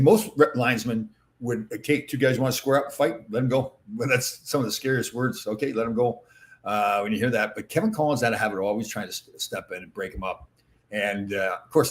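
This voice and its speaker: Rambling man telling hockey stories. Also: medium pitch. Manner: rambling anecdotal storytelling with fillers. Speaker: host, former hockey player. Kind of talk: casual chat answering viewer comments.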